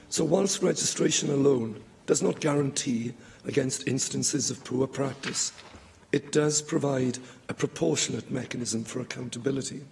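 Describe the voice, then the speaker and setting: Hoarse gravelly minister. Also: male voice, mid-range voice, darkish tone. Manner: measured, formal delivery with a light joke. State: losing his voice. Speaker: government minister. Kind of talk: formal parliamentary speech. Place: debating chamber.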